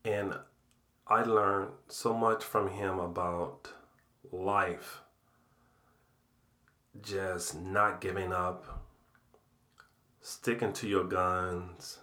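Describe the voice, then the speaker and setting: A man's voice: low-pitched, level tone, extremely slow, long pauses, pushed and bright, echoey room. A middle-aged man, a father and podcast guest, speaking earnestly and repeating his points for weight. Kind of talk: casual heartfelt conversation.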